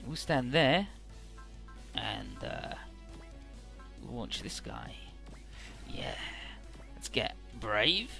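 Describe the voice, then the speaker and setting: Bright-voiced, sarcastic young game commentator. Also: male voice, mid-range voice, huge pitch swings, very slow, gravelly, long pauses, faint music behind. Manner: profane, sarcastic recapping. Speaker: let's play host.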